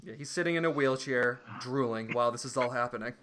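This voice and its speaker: A man's voice: mid-range voice, fast talker, crowd noise. A man co-hosting a casual comedic movie podcast, recapping scenes and mocking the characters. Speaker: podcast co-host.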